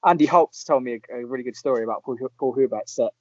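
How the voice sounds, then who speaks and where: A man, chatting casually as a podcast host and telling animated anecdotes. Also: mid-range voice, fast talker, no room sound. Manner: lively storyteller, puts on voices in anecdotes. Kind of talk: casual chat. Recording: dull lo-fi sound.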